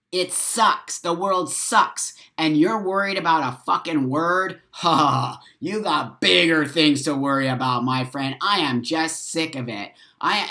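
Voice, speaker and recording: A man's voice: high-pitched, bright, forceful tone. A man hosting a live stream, giving an angry, profane rant and hammering his points with repeated phrases. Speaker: livestream host. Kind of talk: heated livestream rant. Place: at home, drinking coffee on a live stream.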